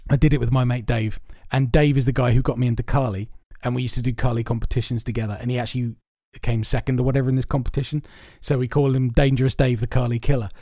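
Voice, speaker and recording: A male podcast co-host chats casually from a soundproofed home recording space, telling rambling stories with lots of laughs and swearing. His medium-pitched voice has little pitch movement and a dark tone, and he talks fast with hardly any pauses, on a dry, studio-quality recording.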